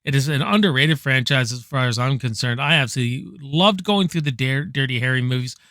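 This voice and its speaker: A man casually ranking favorite movies, rambling excitedly, swearing freely and tossing in "man" at every turn. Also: mid-range voice, fairly quick, no echo, studio quality. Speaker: movie reviewer. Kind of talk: casual enthusiastic movie countdown.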